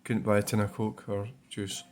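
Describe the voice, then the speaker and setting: A man's voice: on the low side, flat delivery, normal speed, darkish tone. A Scottish man giving a casual, meandering channel update, moaning a bit and swearing freely between lots of ums. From Scotland. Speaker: vlogger.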